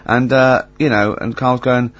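A man hosting a radio show, talking in loose, anecdotal banter. His voice sits at an ordinary pitch, and the broadcast sound is a little dull. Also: steady tone, measured pace. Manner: chatty storyteller, laughs often, many fillers. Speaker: radio host.

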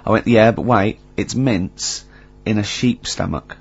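A man's voice: fairly low pitch, a little slow, vocal fry, breathy edge, lo-fi sound. A man hosting a radio show, telling stories in casual banter with plenty of fillers and laughter. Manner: chatty storyteller, laughs often, many fillers. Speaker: radio host.

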